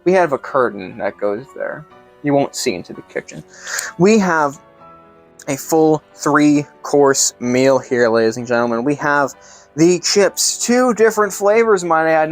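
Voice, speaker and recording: A man hosting a comedic cooking vlog, narrating in a playful, mock-grand showman way. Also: fairly high pitch. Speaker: cooking show host.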